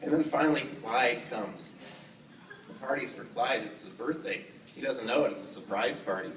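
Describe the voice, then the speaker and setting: A man's voice: mid-range voice, moderate pace, a bit bright, echoey room, recorded from a distance, a little hiss or hum, low-quality recording. A man narrating a puppet show for children in a playful way, speaking to the young audience. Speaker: puppeteer storyteller. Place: outdoor fair.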